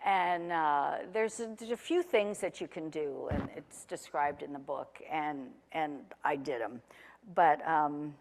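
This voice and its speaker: A woman's voice: sits low, a little slow, in a large hall, a little hiss or hum. A woman in her forties, a former chef, telling her own story in a chatty, rambling way with self-deprecating humor. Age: 40s. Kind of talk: casual recounted personal story.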